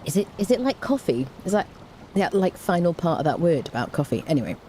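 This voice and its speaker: A woman's voice: fairly low pitch, big pitch swings, quick pace, dark tone, a little hiss or hum. A young woman streaming a game, chatting casually and self-mockingly as she greets viewers by name. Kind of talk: casual live-stream chat.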